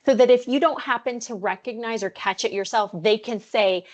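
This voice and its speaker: A woman's voice: a little high, normal speed. A woman hosting a parenting podcast, talking in a casual, conversational way and putting on quoted voices. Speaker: podcast host. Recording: slightly dull lo-fi sound.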